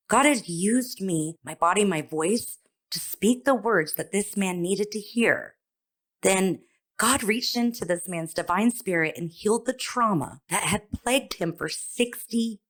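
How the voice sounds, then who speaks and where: A woman podcaster telling a personal testimony in an expressive, self-deprecating way, acting out her own thoughts. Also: low voice. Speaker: author and podcaster.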